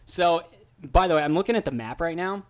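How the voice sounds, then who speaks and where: A man co-hosting a podcast in casual chat, easygoing and quick to laugh while telling stories. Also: a little high, animated. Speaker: podcast co-host.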